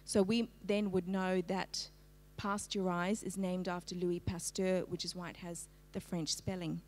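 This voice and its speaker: A middle-aged woman giving a lively, engaging literacy presentation to parents, asking her audience for a show of hands. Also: lowish voice, measured pace. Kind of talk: live-streamed talk to parents.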